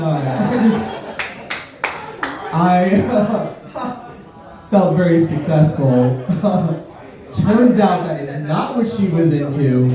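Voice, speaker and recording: A man from Miami doing a stand-up comedy set, deadpan, breaking into sudden high-pitched voices when he acts out quotes. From Miami, USA. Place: comedy club stage. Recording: roomy club sound from a distance. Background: audience laughter.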